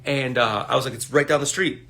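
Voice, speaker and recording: A man with a bright, forceful voice tells a meandering story, swearing freely and circling back as he goes. He talks casually into his phone for a livestream. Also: medium pitch, a little fast. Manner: rambling, profane, laid-back. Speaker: livestream host.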